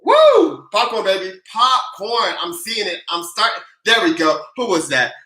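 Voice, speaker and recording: An energetic livestream host who recaps tax and stimulus news, greets viewers by name and leads playful chants and countdowns in casual slang. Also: medium pitch, moderate pace, echoey room, low-quality recording.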